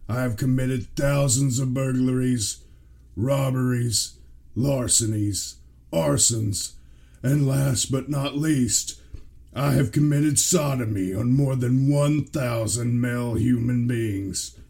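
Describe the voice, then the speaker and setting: A man voicing a remorseless adult male murderer in a slow, cold, deliberate way. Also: mid-range voice, vocal fry, dark tone. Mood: menacing.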